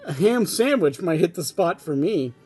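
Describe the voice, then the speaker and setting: A reader voicing a grumpy green holiday grouch in a flat, sarcastic way, straight from a script. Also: medium pitch, normal speed, breathy edge, pitched below the performer's own voice.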